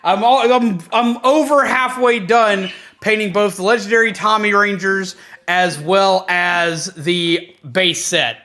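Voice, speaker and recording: A man hosting a casual livestream, chatty and excitable, greeting viewers and repeating himself. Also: high-pitched, slow. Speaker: livestream host. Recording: faint background music.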